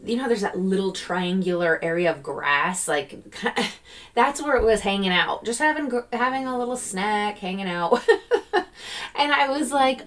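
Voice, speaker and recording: A woman hosting a podcast on her own, talking casually and animatedly, often slipping into excited quoted gratitude. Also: mid-range voice, normal speed. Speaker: podcast host. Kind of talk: casual solo podcast talk.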